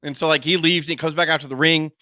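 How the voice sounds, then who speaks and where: A man co-hosting a podcast, retelling a story in an animated, irreverent, self-mocking way. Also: a little high, quick pace, no room sound, studio quality. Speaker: podcast co-host. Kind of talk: casual chat, retelling with voices.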